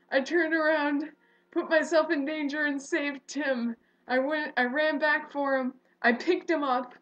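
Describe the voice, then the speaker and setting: A woman's voice: high voice, fairly bright tone. A young woman telling a personal story casually, rambling with fillers and self-corrections. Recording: dull lo-fi recording.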